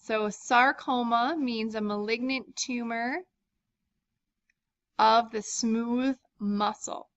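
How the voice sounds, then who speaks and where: A woman's voice: on the high side, steady tone, takes it slowly, a bit bright, no room sound. A woman teacher casually walking students through a textbook chapter, explaining step by step with frequent ums. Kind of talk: recorded lecture walkthrough. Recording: dull lo-fi dry recording.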